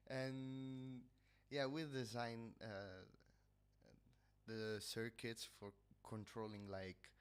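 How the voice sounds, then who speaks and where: Heard through a headset, an Italian man makes casual livestream conversation in English with an Italian accent. His medium-pitched voice is clear and resonant yet nasal, delivered flatly with drawn-out words and frequent pauses while he searches hesitantly for what to say.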